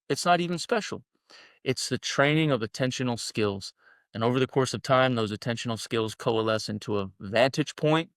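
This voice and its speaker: A man's voice: medium pitch, fairly bright tone, no echo, clean studio sound. A man guest on a podcast, talking bluntly and emphatically, swearing freely as he makes his points. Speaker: guest, men's collective founder. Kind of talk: podcast interview talk.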